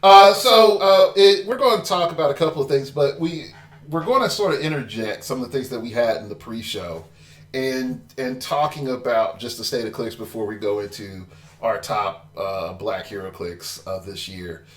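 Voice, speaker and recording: A man's voice: mid-range voice, moderate pace, very echoey. A man hosting a casual gaming podcast, chatty and loose, with a glitch that makes his audio sound robotic. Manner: loose and chatty, lots of fillers. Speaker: podcast host.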